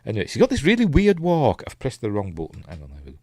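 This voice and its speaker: A man's voice: mid-range voice, wildly swooping pitch, quick pace, mellow, no echo. A man with a Yorkshire accent hosting a casual live film commentary, rambling and hesitant with lots of ums and restarts, chuckling at his own asides. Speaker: film reviewer hosting a live watch-along.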